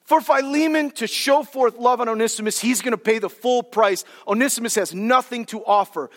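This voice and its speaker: A male pastor preaching a sermon in a church hall, animated and colloquial as he explains Scripture. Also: very high voice, moderate pace. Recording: hall with long reverb.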